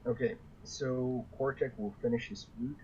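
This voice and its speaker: A man playing in a tabletop game, quietly and hesitantly narrating and voicing his character. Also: mid-range voice, sing-song, normal speed, gravelly, slightly rough, dull audio. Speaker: player.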